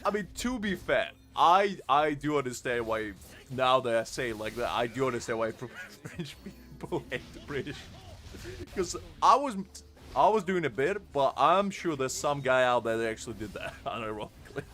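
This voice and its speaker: A man's voice: mid-range voice, big pitch swings, normal speed, a bit bright, soft background music. A young man streaming a game, chatting casually with his viewers in a joking, rambling way and answering them by name. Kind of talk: casual live-stream chat.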